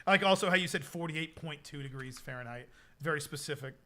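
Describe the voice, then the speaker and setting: Guy chatting with his stream, kinda high bright voice, rambles a lot with "like". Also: fast. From United States. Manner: rambling, lots of "like" fillers. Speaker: streamer reading chat. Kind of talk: casual stream chat.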